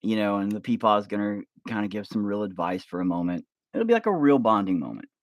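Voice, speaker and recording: A man in a casual, profane, rambling monologue, pitching a movie plot while working with his hands at home. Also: expressive, quick pace, no room sound, clean studio sound. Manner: rambling, profane, acts out scenes. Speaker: vlogger pitching a film idea. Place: home office while carving.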